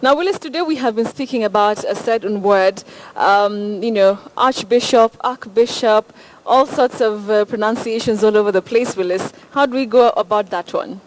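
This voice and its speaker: A woman presenter, briskly putting word questions to a guest and spelling words out. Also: medium pitch, a little hiss or hum, low-quality recording. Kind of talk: on-air interview segment.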